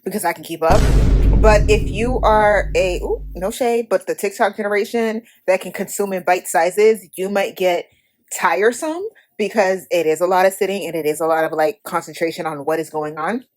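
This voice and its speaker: A Haitian-American woman hosting a podcast, giving a blunt, profane, animated movie review in casual talk. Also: lowish voice, moderate pace. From United States. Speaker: podcast host.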